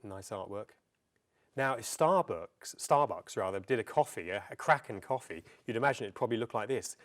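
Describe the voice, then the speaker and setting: A middle-aged Englishman presents a public talk before a festival audience, chatty and full of anecdotes, with frequent ums as he tells stories. His voice is on the low side and expressive, at a moderate pace.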